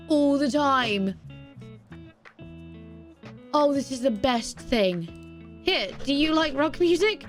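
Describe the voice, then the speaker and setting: A woman casually chatting through a cozy video game, gushing excitedly over a pet dog. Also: high voice, a little slow, pauses often, soft background music. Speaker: gaming YouTuber. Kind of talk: casual let's-play commentary.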